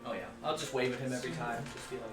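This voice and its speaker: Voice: medium pitch, fairly even intonation, racing, reverberant, recorded from a distance, music in the background. A player joking and bantering during a tabletop game. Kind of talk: casual tabletop play.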